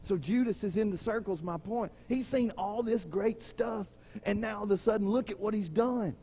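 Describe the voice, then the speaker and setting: A man's voice: high voice, normal speed, warm tone, breathy edge, faint music behind. A man preaching a sermon. He talks in a conversational way, asks the congregation questions and acts out the people in his stories. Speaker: pastor.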